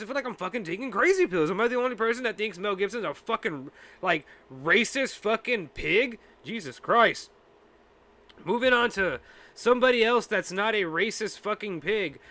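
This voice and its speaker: A man with a high, bright, forceful voice hosting a podcast. He rants in casual talk, swearing often and sounding fed up, with fillers and restarts throughout. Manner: profane, exasperated ranting. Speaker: podcast host. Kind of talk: casual ranting chat.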